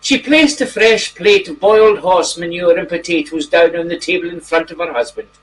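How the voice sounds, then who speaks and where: A man doing a genteel high-voiced storyteller. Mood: storytelling. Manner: gentle, drawn-out storyteller delivery. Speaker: storybook reader. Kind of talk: mock children's bedtime story narration. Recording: distant mic, faint background noise.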